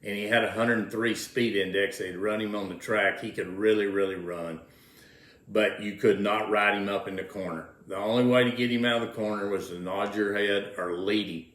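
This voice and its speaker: Appearing as an interview guest, the older man spins casual, folksy tales of the rodeo, often repeating his words. He speaks at a normal speed in a lowish, steady, fairly bright voice, and the recording has a roomy echo.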